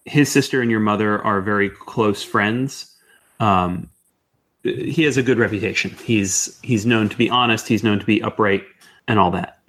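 A man's voice: on the low side, normal speed, fairly bright tone. A man narrating as game master of a tabletop game, hesitant, with many fillers.

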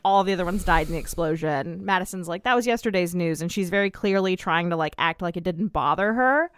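A woman co-hosting a casual recap podcast, chatty and quick to laugh, swearing casually. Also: on the low side, clean tone. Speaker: podcast co-host.

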